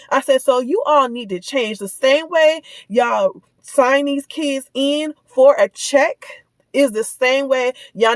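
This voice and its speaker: A woman's voice: high voice, no echo. A woman telling a personal story in a casual, heated rant, indignant and repeating herself as she retells it. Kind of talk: casual ranting vlog.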